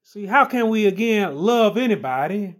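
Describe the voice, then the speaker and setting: A man's voice: high-pitched, lively intonation. A man preaching a sermon, emphatic and repetitive, building stress on key phrases. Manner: slow, emphatic, repeats phrases with rising stress.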